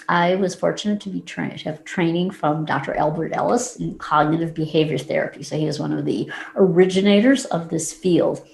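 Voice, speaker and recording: A woman psychologist explains her field in an interview, patient and lively when she challenges an idea. Her voice sits low and has a gravelly edge. The recording has a roomy echo. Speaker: psychologist guest. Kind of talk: interview answers.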